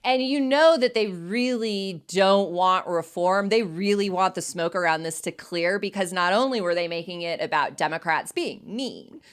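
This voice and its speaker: A woman's voice: lowish voice, moderate pace, few pauses, clear, resonant tone. A woman co-hosting a podcast, talking in a wry, sardonic, casual way about the courts. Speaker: podcast co-host. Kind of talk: casual legal commentary chat.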